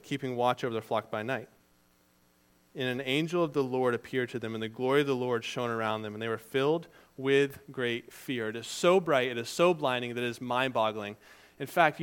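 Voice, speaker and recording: Guy giving a sermon, smooth clear voice, chatty storytelling preacher style. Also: mid-range voice. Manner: conversational storytelling preaching, shifts between loud emphasis and quiet asides. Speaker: preacher and teacher.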